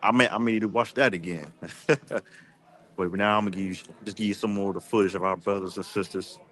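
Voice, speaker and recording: A man with a fairly low voice hosts the interview, nodding along with steady short affirmations. He speaks in a relaxed live-stream manner. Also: fast talker. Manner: affirming, frequent back-channel replies. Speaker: host and interviewer.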